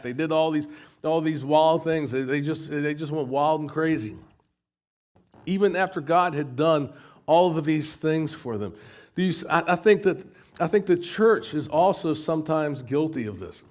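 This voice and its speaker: A man's voice: a little high, darkish tone. A middle-aged American man preaching a sermon, often stumbling and repeating words as he goes. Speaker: pastor.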